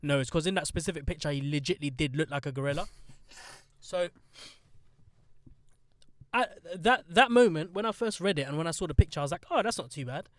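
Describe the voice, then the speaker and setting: A man's voice: on the high side, brisk, long pauses, no room sound. A young man hosting a casual podcast, blunt, sarcastic and swearing freely. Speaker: podcast host.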